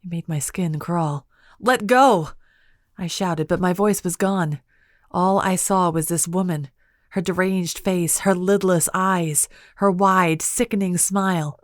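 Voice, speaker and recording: A woman with a low voice reading a fantasy audiobook in the first person. Her delivery is measured and expressive. The recording is close and dry. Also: no room sound. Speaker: audiobook narrator. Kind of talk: scripted audiobook narration.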